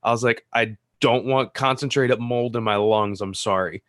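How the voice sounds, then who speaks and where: A man's voice: mid-range voice, moderate pace, a bit bright, no room sound, studio quality. Laid-back man retelling a story. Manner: laid-back, quoting himself and others. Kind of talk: casual storytelling on a live stream.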